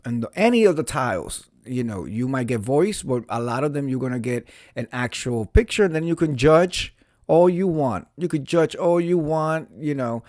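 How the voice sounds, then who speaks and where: A man's voice: medium pitch, lively intonation, normal speed, a little mellow, no room sound, clean studio sound. A man from New City, chatting casually on a live stream and answering viewers. He talks in a theatrical way and repeats phrases for emphasis. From New York City.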